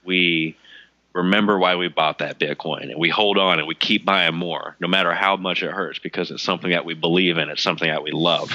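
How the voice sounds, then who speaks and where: Low-voiced guy chatting on a podcast, bright edge, swears a lot, dull dry mic. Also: steady tone, a little fast, no room sound. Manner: loose, swearing, lots of "like" fillers. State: recovering from a cold, coughing. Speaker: podcast co-host. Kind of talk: casual chat.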